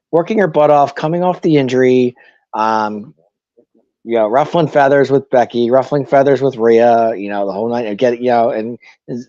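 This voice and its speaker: A man's voice: mid-range voice, darkish tone, no room sound. Podcast co-host, man, easygoing, hesitant, dry dull lo-fi mic. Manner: laid-back, trails off, many ums. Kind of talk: casual sports chat.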